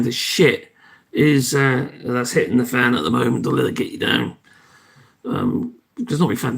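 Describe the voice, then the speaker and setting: The man running this casual live stream speaks in a mid-range, fairly bright voice with vocal fry. He chatters on, breaks into his own sentences, expresses thanks to viewers and ends on an upbeat sign-off.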